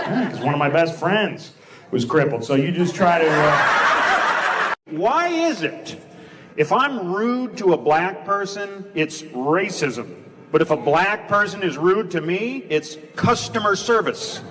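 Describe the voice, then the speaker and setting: A man doing stand-up comedy with crowd work on stage, talking in a blunt, teasing and provocative way. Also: on the high side. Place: stage before a live audience. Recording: loud background noise.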